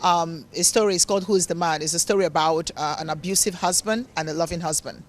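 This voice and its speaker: A fast-talking Nigerian woman with a voice on the low side fields interview questions as a motivational speaker and author. Her hard-to-place accent combines English, African and Italian tones. She is earnest and preachy and repeats words for emphasis.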